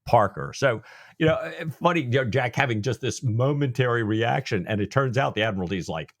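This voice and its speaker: A podcast co-host with a mid-range voice talks briskly about a novel in a casual book discussion, recorded in studio quality with no room sound. He's animated and acts out the characters' lines.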